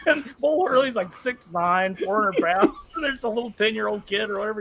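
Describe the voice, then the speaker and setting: A man co-hosting a livestreamed movie talk, his voice swinging high and low as he retells scenes. He laughs often and speaks a little above the usual male pitch. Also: fairly quick, few pauses, low-quality recording. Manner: animated, laughing storyteller. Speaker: podcast co-host. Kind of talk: casual livestream chat.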